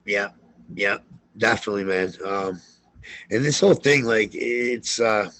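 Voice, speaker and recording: A man talking as a podcast guest, loud and excitable, telling stories with lots of energy and cursing. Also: fairly low pitch, measured pace, dry recording, low-quality recording. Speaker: guest sports bettor. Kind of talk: casual podcast interview.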